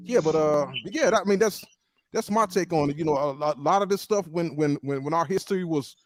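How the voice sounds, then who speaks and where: A man speaking on a live online panel, halting and repeating words as he thinks aloud. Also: fairly high pitch.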